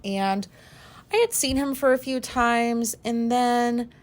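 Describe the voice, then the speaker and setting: A woman in her forties, hosting a podcast and talking through an embarrassing memory in a candid, rambling way, self-conscious and quick to swear. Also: fairly high pitch. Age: 40s. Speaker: podcast host. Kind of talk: candid personal monologue.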